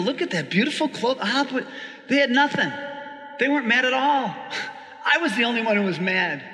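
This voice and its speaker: A priest preaching in a loose, conversational way, quick to laugh and to ask his listeners if they follow. His voice sits high for a man and rings bright and forceful. A long reverb trails behind every phrase. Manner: chatty and animated, laughing often, asking listeners "right?". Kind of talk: conversational sermon.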